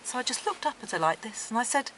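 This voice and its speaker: A middle-aged woman, interviewed, recounting her dreams in a gentle, earnest way. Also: on the high side, animated, quick pace, a little hiss or hum, low-quality recording. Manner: gentle, earnest storytelling with soft laughs.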